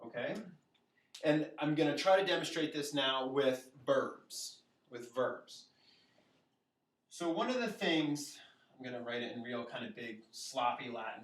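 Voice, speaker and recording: A man gives a relaxed whiteboard lesson, chatty and full of little asides. His voice sounds roomy and echoey, picked up from some distance by the camera. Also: medium pitch. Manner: chatty and informal, with many fillers and asides to the viewer. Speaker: Latin teacher. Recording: echoey room, far from the mic.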